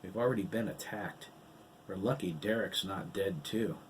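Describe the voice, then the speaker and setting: A man's voice: low-pitched, normal speed, slight background noise, natural voice. A man reading the part of a wry, anxious woman in an audiobook.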